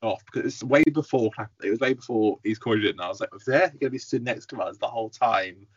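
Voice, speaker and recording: Young guy on a podcast, talks fast, kinda husky, hurries things along, dull dry mic. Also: medium pitch, no room sound. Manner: rushed, jumps in, hurries the story along. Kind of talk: casual storytelling chat. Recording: slightly muffled, dry sound.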